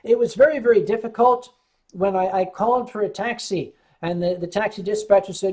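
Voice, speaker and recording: A man's voice: sits high, fairly quick, darkish tone. An American man hosting a casual livestream, telling rambling stories with frequent stammered restarts. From United States. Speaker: livestream host.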